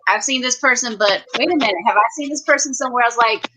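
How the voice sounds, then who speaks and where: A woman's voice: on the high side, quick pace, pushed and bright, slight background noise, poor audio. Enthusiastic woman hosting a fan chat. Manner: enthusiastic, affirming. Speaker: host. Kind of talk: casual fan discussion.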